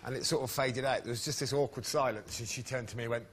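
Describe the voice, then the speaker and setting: A man guesting on a comedy panel show, telling a deadpan anecdote. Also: medium pitch, quick pace, slight background noise. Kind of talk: comic anecdote.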